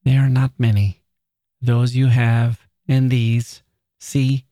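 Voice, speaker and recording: A man's voice: mid-range voice, flat delivery, takes it slowly, mellow, dry recording, studio quality, close to an everyday voice. A man voicing a frail dying woman writer, speaking in an earnest, tender whisper.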